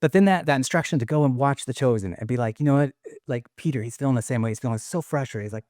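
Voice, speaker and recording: A man's voice: medium pitch, fast talker, darkish tone, dry recording. Earnest rambling man, dry close sound. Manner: earnest, rambling with many restarts and fillers. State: choked up with emotion. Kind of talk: emotional testimony in casual conversation.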